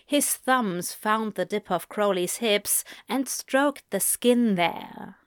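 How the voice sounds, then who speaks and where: Slow, deliberate woman narrator. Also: medium pitch, clear, resonant tone, dry recording, studio quality. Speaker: narrator reading fan fiction aloud. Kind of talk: unhurried audiobook narration.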